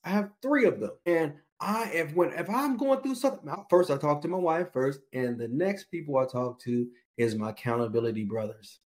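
A man's voice: a little high, animated, normal speed, hardly any pauses, darkish tone. A man who is a pastor, preaching a sermon with storytelling, repeated phrases and informal, folksy wording.

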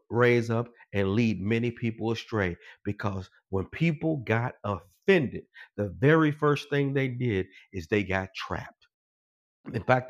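A man preaching a sermon. He repeats his phrases and climbs higher and louder as he drives a point home. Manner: builds in pitch and volume, repeats phrases for emphasis.

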